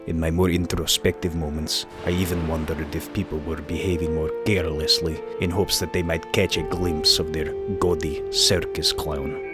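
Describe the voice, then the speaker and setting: Brief: man doing a very low, measured Russian-accented Superman narrator, choir music loud behind. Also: flat delivery. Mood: solemn. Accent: put-on Russian. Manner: grave, measured storytelling. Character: solemn Soviet Superman narrating, adult man. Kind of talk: dramatic comic reading.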